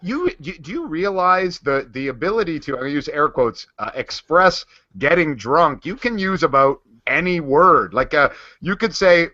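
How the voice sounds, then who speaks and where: A man's voice: a little high, animated, moderate pace, hardly any pauses, pushed and bright, no echo, highs cut off. A man hosting a podcast, playful and bantering with his co-hosts. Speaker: podcast host. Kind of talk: casual chat.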